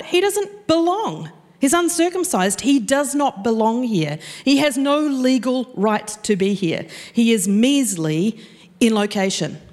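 A woman preaching a sermon, animated and storytelling, acting out the voices she quotes. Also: medium pitch. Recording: long reverb of a church hall.

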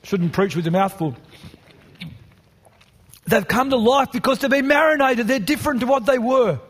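A man's voice: extremely high pitch, lively intonation, moderate pace, a bit bright. A man preaching a sermon as pastor, passionate and building to emphatic repeated lines. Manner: passionate, rising to emphatic repetition. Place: church hall.

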